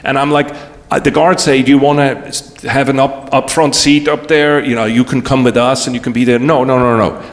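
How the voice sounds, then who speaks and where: A man's voice: medium pitch, steady tone, a little fast. A man giving a talk as guest speaker, telling a personal story with emotion and frequent restarts. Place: large event hall. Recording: long hall reverb.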